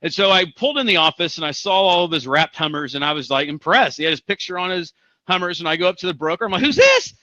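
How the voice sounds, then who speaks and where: Male real estate coach from Missouri, punchy motivational delivery, bright tone, dry lo-fi sound. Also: fairly high pitch, quick pace. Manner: energetic, emphatic, repeats for punch. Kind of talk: motivational seminar talk.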